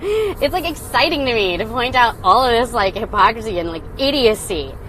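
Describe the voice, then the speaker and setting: A young woman hosting a casual live stream, talking loudly and excitedly in a sarcastic, mocking way. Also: fairly high pitch, normal speed, a little hiss or hum, poor audio. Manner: loud and excited. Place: indoors, phone live stream. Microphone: phone.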